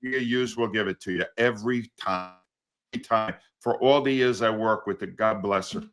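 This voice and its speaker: An older man, a sports commentator, ranting sarcastically about coaching in a loud, exasperated way. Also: lowish voice, moderate pace. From United States. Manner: sarcastic, exasperated, wildly swinging emphasis. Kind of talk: animated radio-style rant.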